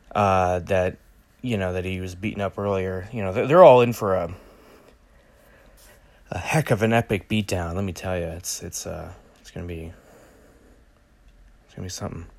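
A vlogger with a lowish voice gives casual solo commentary on a movie trailer, rambling and jokey with plenty of fillers and restarts. The recording has no echo.

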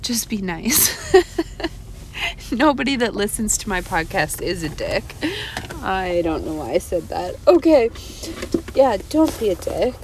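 A woman in her thirties chats from her car at a drive-thru, wandering off on digressions and amusing herself along the way. Her voice is mellow and warm, with a soft hum of the car and the road around her. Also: medium pitch, sing-song, measured pace, long pauses, low-quality recording. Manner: chatty, digressive, self-amused. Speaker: podcast host. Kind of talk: casual rambling chat.

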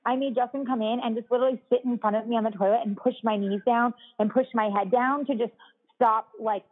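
A chatty woman with a fairly high voice tells a long personal story in casual conversation. She leans heavily on "like" and laughs easily. Her voice comes through thin and tinny, as if over a phone line. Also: steady tone, fast. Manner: chatty, heavy use of "like" fillers, laughs often.

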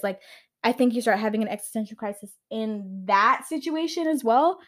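A woman's voice: on the high side, animated, normal speed. A young woman hosting a solo podcast, talking off the cuff in a rambling way, packing her speech with "like" and swearing now and then. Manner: rambling, heavy "like" filler, swears casually. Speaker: podcast host. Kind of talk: unscripted solo podcast chat.

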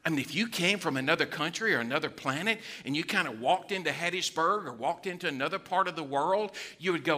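A male pastor, preaching a sermon with animated storytelling and acted-out quotes. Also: fairly high pitch, fast, few pauses.

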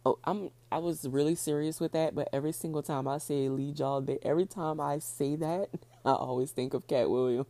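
Fast-talking low-voiced woman podcaster. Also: steady tone, dark tone. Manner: fast-talking, chatty, repeats herself for emphasis. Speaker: podcast host. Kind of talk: casual solo podcast talk.

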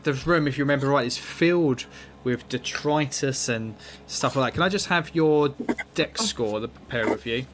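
A man's voice: medium pitch, moderate pace, fairly bright tone. A man running a tabletop horror game as game master, narrating in a loose, rambling, self-mocking way. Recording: noisy background.

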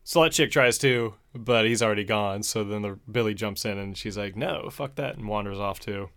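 A man's voice: on the low side, normal speed, fairly bright tone. A man casually recapping a movie plot on a podcast, laid-back and profane, chuckling as he goes. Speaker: podcast host.

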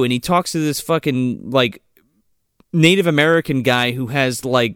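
Brief: excitable male podcaster, profane movie recaps, dry mic. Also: mid-range voice, a little fast, clean tone, dry recording. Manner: animated, profane, mimics characters. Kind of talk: casual movie riff chat.

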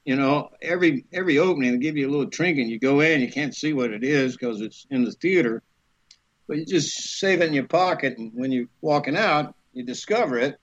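A man's voice: medium pitch, fairly quick. A man, an actor, telling stories casually as a podcast guest, laughing through them and acting out other people's lines in raised voices. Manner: lively storyteller who acts out others' lines in raised voices. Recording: dull lo-fi sound.

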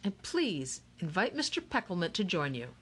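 A woman's voice: lowish voice, sing-song, normal speed, fairly bright tone, slightly rough, full character voice. A woman voicing an eccentric, cheerful game-maker man who speaks with grand, theatrical courtesy. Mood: grandly courteous.

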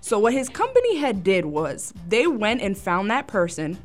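A young woman co-hosting a podcast, telling a story in animated casual chat and acting out what people said. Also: medium pitch, moderate pace. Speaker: podcast co-host.

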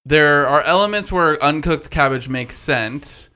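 A man with a bright, forceful voice and a slightly high pitch talks loosely on a podcast. His delivery is animated and laced with swearing. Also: unhurried, smooth. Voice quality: profane, animated. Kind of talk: casual chat.

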